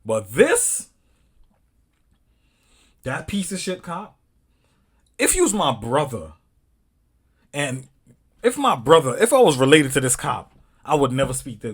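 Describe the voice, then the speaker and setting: Man, African American English accent, husky, heated rant with swearing and sudden loud outbursts. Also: fairly high pitch, wildly swooping pitch, measured pace, pauses often. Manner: angry, swearing, emphatic, rising to outbursts. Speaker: commentator reacting to a video. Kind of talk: heated casual reaction commentary.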